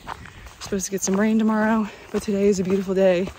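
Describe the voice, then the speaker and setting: A woman's voice: medium pitch, flat delivery, quick pace, noisy background. A woman from North Carolina talking to her phone outdoors on a mountain trail, chatty and upbeat. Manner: chatty, upbeat, loose and rambling. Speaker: vlogger. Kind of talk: casual on-the-go vlog talk. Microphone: handheld phone.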